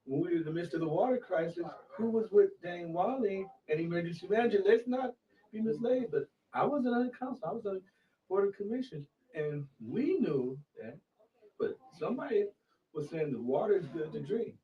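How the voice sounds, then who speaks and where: A man's voice: high-pitched, lively intonation, a little fast. A man co-hosting a local political talk show in a casual, blunt and emphatic way. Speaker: political show co-host, former county commissioner. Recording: muffled sound from a distant mic.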